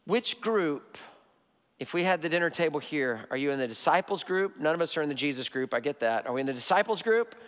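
Male pastor, high voice, emphatic preaching with repeated phrases, big reverberant sanctuary sound. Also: animated, fairly bright tone. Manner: emphatic, repeats key phrases, slows for stress. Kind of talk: sermon. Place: church sanctuary.

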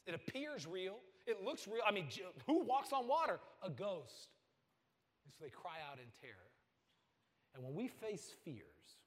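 A man preaching a sermon, swinging from loud bursts to hushed lines. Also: medium pitch, big-room sound. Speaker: pastor.

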